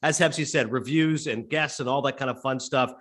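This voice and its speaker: A man, a sportscaster guest on a podcast, telling a lively anecdote and acting out the dialogue. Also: medium pitch, fairly quick. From Canada. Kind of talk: animated storytelling in a podcast interview.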